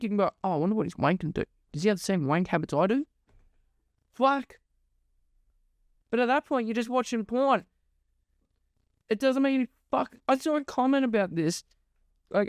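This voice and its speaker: A man's voice: very high voice, smooth, no echo, clean studio sound. A young man, ranting sarcastically and swearing constantly on his podcast. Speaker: podcast host. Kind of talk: ranting monologue.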